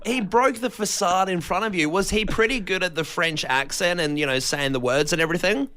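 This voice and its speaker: A man's voice: high-pitched, a little fast, sharp tone. A man co-hosting breakfast radio in a studio, chatty and teasing, laughing often. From Australia. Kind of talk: casual radio banter.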